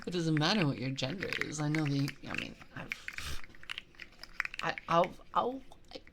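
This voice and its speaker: Gravelly low-pitched streamer, casual live chat, lots of fillers and giggles, noisy background. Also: female voice, lively intonation, moderate pace. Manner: chatty, giggly, reads chat aloud, many "like" fillers. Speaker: VTuber streamer. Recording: audible background noise.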